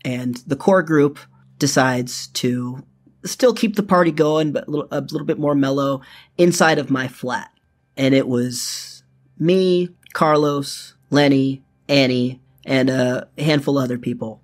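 A man's voice: mid-range voice, a little slow. A young man telling his own story in first person, casual and profane, full of fillers.

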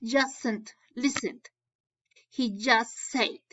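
A woman teacher reads a children's story aloud and translates the key words. She speaks slowly in a slightly high voice. The recording sounds dull and lo-fi, like a home lesson video. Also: fairly bright tone. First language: Spanish. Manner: slow, explaining and translating into Spanish.

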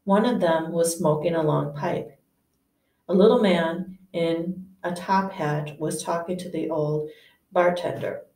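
A woman reading a novel aloud to listeners, unhurried, often stumbling and correcting herself, and acting out a stammering character. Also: low voice, creaky, warm tone, roomy sound, far from the mic. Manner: unhurried, stumbling over words and self-correcting; acts out a stammer for the nervous professor.

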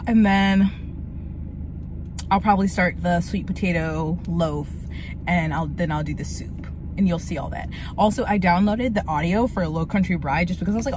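A woman's voice: on the low side, background noise. Chatty, swearing young woman vlogger. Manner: frank and chatty, swears freely. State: tired and crampy. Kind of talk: casual vlog chat. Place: in a car, then at home.

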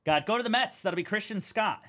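A man's voice: high-pitched, expressive, brisk, a bit bright. A young man hosting a live card break stream, chatting casually as he calls out cards and teams.

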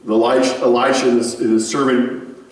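Male pastor, conversational sermon, animated storyteller, booming church echo, distant mic. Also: a little fast. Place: church sanctuary. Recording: very echoey room, mic far off.

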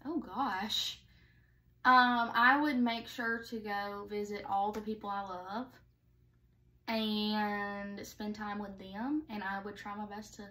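A young woman co-hosting a casual chat, talkative and quick to agree, peppering her speech with "like". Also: mid-range voice, fairly even intonation, bright, forceful tone, distant mic. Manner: chatty, eager agreeing, lots of "like". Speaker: co-host.

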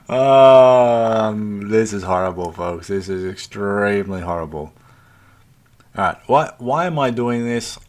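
A man's voice: on the low side, lively intonation, takes it slowly, darkish tone. A man hosting a let's play, chatting casually to viewers as folks, swearing freely and muttering at the game as he goes. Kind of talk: casual gameplay commentary.

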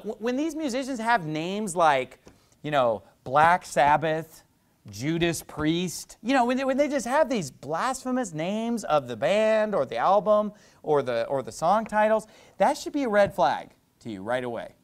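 A man's voice: high-pitched, very animated, unhurried. A middle-aged male pastor preaching a sermon, telling stories in a loose, conversational way with lots of "you know".

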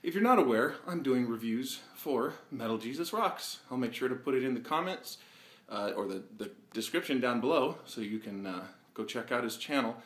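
A man at a middle pitch talks straight to his viewers in a sincere, reflective monologue. He sounds a little out of breath and often pauses with fillers as he gathers his thoughts. The recording has a roomy echo. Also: expressive, fairly bright tone. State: slightly out of breath. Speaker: vlog host. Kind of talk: personal video monologue.

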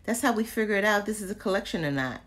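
A woman's voice: mid-range voice, animated, racing, a bit bright. A woman vlogging casually to her viewers, chatty and exasperated, full of slang and muttered asides. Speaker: candle vlogger. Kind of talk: casual live chat to viewers.

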